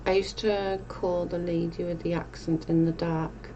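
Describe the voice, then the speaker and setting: A woman's voice: on the low side, little pitch movement, unhurried, mellow, slight background noise. A young woman casually chatting on a live stream, reading viewer comments and rambling, with casual swearing.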